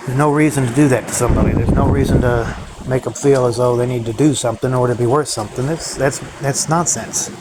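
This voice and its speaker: A man's voice: mid-range voice, fairly even intonation, quick pace, heavy background noise. A man ranting in a bitter, profane solo monologue to his viewers. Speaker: vlogger.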